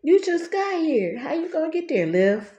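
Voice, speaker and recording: A woman's voice: very animated, normal speed, dark tone, muffled recording. A woman putting on her scolding older mother. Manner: high, scolding and mocking. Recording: echoey room.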